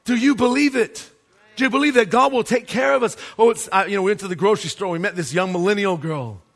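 A man's voice: high-pitched, fast, a bit bright. A man preaching a sermon as pastor, emphatic and asking the congregation rhetorical questions.

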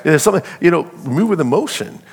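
A man's voice: on the high side, fast, gravelly, slightly rough. A middle-aged man preaching a sermon, calling out to the congregation and acting out little scenes in a loose, conversational way. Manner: call-and-response preaching, animated and conversational. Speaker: pastor.

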